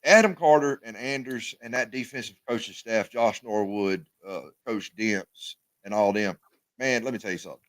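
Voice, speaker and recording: A man co-hosting a casual sports talk show, animated and often repeating his words. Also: fairly low pitch, moderate pace, no room sound.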